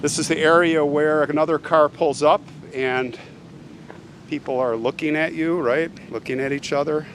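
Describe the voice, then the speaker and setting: A man's voice: fairly high pitch, steady tone, moderate pace, noisy background. A man hosting a show, retelling a true crime case in a casual, conversational way and often asking the listener "right?". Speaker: host, true crime storyteller.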